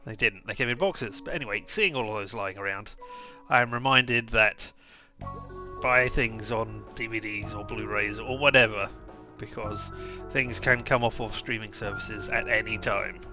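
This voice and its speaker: A man's voice: fairly low pitch, normal speed, bright, forceful tone, soft background music. A man streaming a game, chatting casually in a rambling, jokey way full of digressions. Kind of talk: casual let's-play chat.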